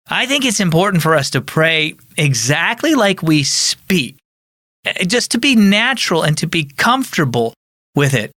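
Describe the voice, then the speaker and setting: A man's voice: a little high, expressive, moderate pace, bright, forceful tone, no echo, studio quality. A man who is a pastor and podcast host, giving an earnest, conversational teaching talk.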